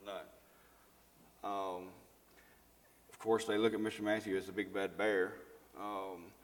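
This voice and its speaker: A man's voice: fairly low pitch, little pitch movement, a little slow. A middle-aged man giving a conversational live sermon to a congregation, asking the audience questions and often repeating himself. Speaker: lay preacher and school teacher. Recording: long reverb of a large hall.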